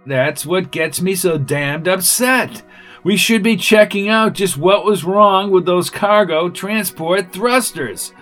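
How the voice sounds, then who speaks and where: A man reading aloud as a gruff, irritable male inspector who blusters and complains. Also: high-pitched, slow, a bit bright, soft background music, pitched above the performer's own voice. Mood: grumbling. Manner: blustering, exasperated.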